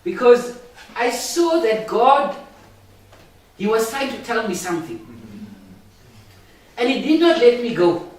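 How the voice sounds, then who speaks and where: A man's voice: extremely high pitch, sing-song. A pastor sharing his story in an echoey room. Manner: halting, repeats words, chuckles often. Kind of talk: testimony to a small group. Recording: echoey room, mic far off.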